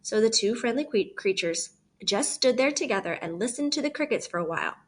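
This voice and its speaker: A woman teacher reading a children's novel aloud with expressive narration. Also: a little high, brisk.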